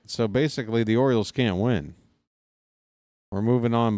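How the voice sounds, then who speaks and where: A man doing casual live baseball play-by-play from his apartment, wisecracking and drifting into asides between pitches. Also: slow pace, a little mellow, smooth, no echo, clean studio sound. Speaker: play-by-play broadcaster. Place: home apartment.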